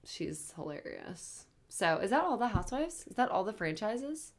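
A woman chatting casually as a podcast co-host, opinionated and quick with impressions. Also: mid-range voice, sing-song. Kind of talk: casual chat.

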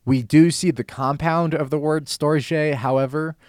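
A man's voice: a little high, steady tone, a little slow, darkish tone, no echo, studio quality. A young man hosting a radio show, giving an earnest Bible teaching monologue and telling a personal story in a conversational way.

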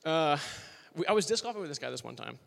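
A twentysomething worship leader gives a loose, jokey sermon to college students, upbeat and chatty with plenty of "like" and "you know." His voice runs high, creaky and expressive, and he talks fast. The live audience fills a large worship hall, and the recording carries a long hall reverb.

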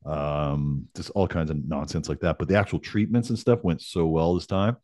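A man's voice: extremely low pitch, steady tone, normal speed, darkish tone, no echo. A middle-aged man co-hosting a podcast, talking in a laid-back way, laughing often and swearing casually. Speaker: podcast co-host. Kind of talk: casual chat.

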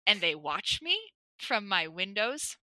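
A young woman co-hosting a podcast, telling a story in a casual chat, animated and laughing, with lots of "like". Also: medium pitch, unhurried, no echo. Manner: animated, laughing, says "like" often.

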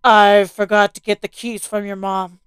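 A woman voicing a gruff, determined middle-aged father in a horror story, blunt and cussing. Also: medium pitch, flat delivery, normal speed, no echo, natural voice. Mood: wry.

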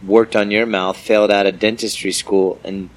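A man's voice: fairly low pitch, little pitch movement, moderate pace, poor audio. A man co-hosting a podcast, chatting casually and teasing his co-host. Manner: joking, teasing.

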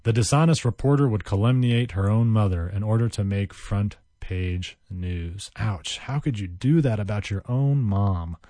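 Casual male vocabulary teacher, low mellow voice, dry close sound, rambly and repetitive. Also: normal speed, hardly any pauses, no echo. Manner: chatty, goes off on tangents and repeats words.

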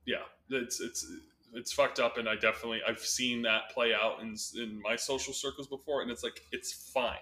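A man's voice: medium pitch, flat delivery, normal speed, sharp tone. A man co-hosting a podcast who talks in a reflective, articulate way and laughs easily. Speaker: podcast co-host. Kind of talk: casual podcast chat.

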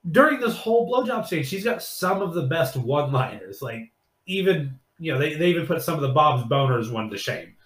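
A man hosting a podcast, retelling a scene in casual chat as an animated storyteller who swears freely. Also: on the high side. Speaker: podcast host. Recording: echoey room.

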